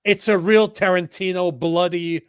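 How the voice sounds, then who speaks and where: Excitable man hosting a casual podcast. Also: high voice, a little slow, clean tone, no echo, studio quality. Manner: excitable, swears a lot, laughs often. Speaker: co-host. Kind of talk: casual political podcast chat.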